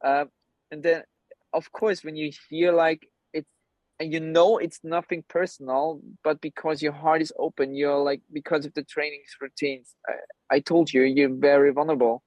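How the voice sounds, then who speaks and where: Here a blunt man with a fairly high voice speaks at normal speed, with no room sound over the flat, dry video-call line. He's a men's coach whose first language is German, chatting as a guest in a laid-back call interview, cursing often and wandering animatedly from point to point.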